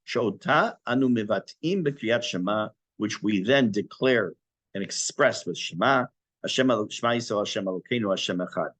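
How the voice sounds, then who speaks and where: A man's voice: lowish voice, moderate pace, no room sound. Man teaching a Torah class, dry sound. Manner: explains Hebrew terms in English, animated, self-correcting.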